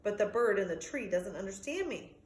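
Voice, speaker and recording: A woman voicing a friendly young male dog, anxious but kind, in a lively storybook reading with sound effects. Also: medium pitch, fairly quick, echoey room, natural voice. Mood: urgent.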